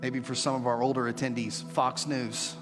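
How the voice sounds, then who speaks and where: A middle-aged man preaching a sermon as pastor, animated and joking with playful asides to his congregation. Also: mid-range voice, normal speed, in a large hall, music in the background. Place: church sanctuary.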